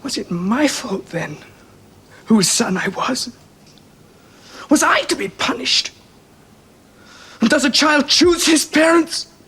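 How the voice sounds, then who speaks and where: A man's voice: a little high, normal speed, a bit bright, slightly rough. An actor playing a resentful young prince who confronts his father in a 1970s television period drama, bitter and pleading. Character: young male prince, resentful, wounded son. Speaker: emperor's son.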